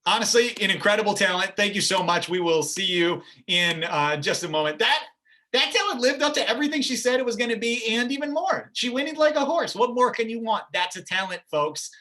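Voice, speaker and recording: Bright-voiced upbeat male game show host. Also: sits high, expressive, fairly quick. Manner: upbeat, chatty, jokey. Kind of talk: livestream game show hosting. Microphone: video call.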